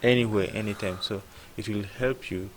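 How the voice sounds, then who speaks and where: A man's voice: lowish voice, steady tone, normal speed, slight background noise. A man tutoring app programming in a casual lesson, thinking aloud and asking "what?" before he answers himself. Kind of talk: casual screen-share coding lesson.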